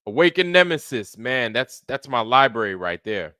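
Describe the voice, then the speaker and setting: A man's voice: mid-range voice, big pitch swings, normal speed, pushed and bright, clean tone, no room sound, studio quality. A man hosting a casual live stream, loose and slangy, greeting viewers by name in a running roll call. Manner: greets viewers by name one after another. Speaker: livestream host.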